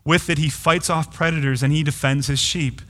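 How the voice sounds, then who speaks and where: Man, pastor, sermon, bright tone, earnest, emphatic repetition. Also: a little high, fairly even intonation, moderate pace.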